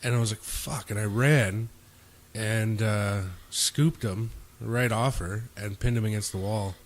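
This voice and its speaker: A man's voice: fairly low pitch, fairly even intonation, unhurried. Young man telling rambling bar stories. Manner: rambling, profane, acts out quotes of others. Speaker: podcast host. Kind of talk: casual chat, storytelling.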